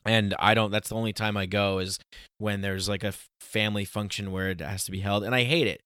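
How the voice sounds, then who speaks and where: A man chatting casually in a dry, close sound. He rambles with many restarts and slows down to drive his point home. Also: on the low side, fairly even intonation, fairly bright tone, clean tone, no echo. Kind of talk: casual chat.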